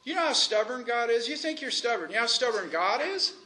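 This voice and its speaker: A man preaching a sermon in a conversational way, asking the congregation questions and slowing down to stretch out key phrases. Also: extremely high pitch, sing-song, pushed and bright, a little hiss or hum.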